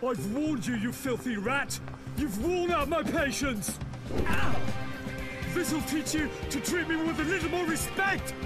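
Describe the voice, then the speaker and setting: An actor playing a brutal, hateful patrol guard who bullies and threatens in a video game, with game music behind. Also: male voice, extremely high pitch, animated, unhurried. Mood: furious. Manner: bullying, threatening, shouting.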